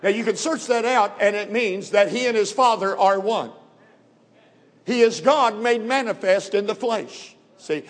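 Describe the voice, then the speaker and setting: Preacher guy, fairly high voice, slow and punchy then quick asides, echoey church. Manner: emphatic, swings from slow weighty phrases to quick asides. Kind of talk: sermon. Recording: long hall reverb.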